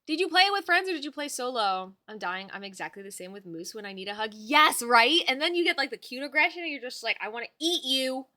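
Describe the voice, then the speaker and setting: A woman streamer talks casually with her chat from home, chatty and affectionate as she fusses over her dog. Her voice is bright and clear, pitched a little high. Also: very animated, fast, few pauses. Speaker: livestreamer.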